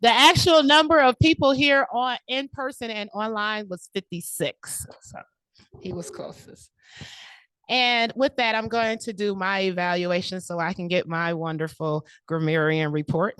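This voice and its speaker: A woman's voice: mid-range voice, moderate pace, hardly any pauses, smooth, no echo. Woman emceeing a club meeting. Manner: lively, warmly announcing, engaging the audience. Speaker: meeting host. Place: large meeting room.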